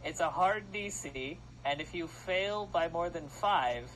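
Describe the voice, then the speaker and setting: A man's voice: a little high, a little slow, fairly bright tone, rough recording. A man narrating a tabletop game as game master, loose and joking, with faint background noise. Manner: loose, laughing, playing shopkeepers on the fly.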